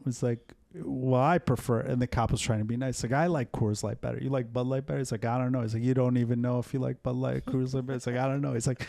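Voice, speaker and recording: A man's voice: medium pitch, steady tone, quick pace, gravelly, hardly any pauses, mellow, dry recording, clean studio sound. A man hosting a podcast, telling blunt, profane stories in casual chat. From Chicago area. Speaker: podcast host.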